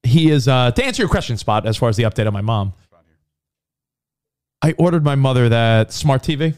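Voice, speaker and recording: A man's voice: mid-range voice, animated, a little fast, a little mellow, clean tone. A man co-hosting a casual podcast chat, telling a story with lots of fillers and restarts. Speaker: podcast co-host.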